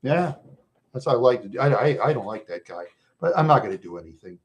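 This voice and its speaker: A middle-aged man from Minnesota with a rough voice worn by smoking, chatting loosely with viewers and often chuckling as he rambles through stories. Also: medium pitch, expressive, quick pace, muffled recording. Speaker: livestream host chatting with viewers. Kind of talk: casual rambling chat.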